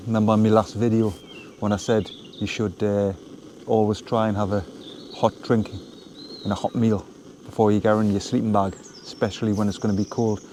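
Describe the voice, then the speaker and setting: A man chats in an easy, rambling way, full of fillers, as he films himself at a wild camp in the woods. His voice sits fairly low. Faint birds and outdoor ambience carry on behind him. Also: a little hiss or hum. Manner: relaxed, chatty, rambling with fillers. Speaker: vlogger. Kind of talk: casual outdoor vlog talk. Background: birds and woodland ambience.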